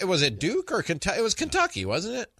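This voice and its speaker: A man with a bright, slightly raised voice leads a casual sports talk show as its host. He speaks conversationally, often stopping to restart his phrases. The sound is dry and close, with no room echo. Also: sits high, huge pitch swings, fast talker. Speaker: podcast host.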